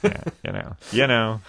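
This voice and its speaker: A man's voice: medium pitch, sing-song, slow, gravelly, fairly bright tone, slight background noise. A man co-hosting a podcast, bantering casually and laughing often as he jokes around. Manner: laughs often, jokey and rambling. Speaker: podcast co-host.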